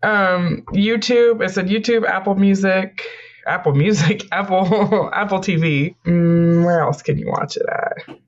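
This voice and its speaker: A man with a notably high voice co-hosts a casual podcast, talking through a movie in an animated way. He laughs often and slips into quick impressions of characters. The sound is a little dull and lo-fi. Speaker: podcast co-host. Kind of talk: casual movie review chat.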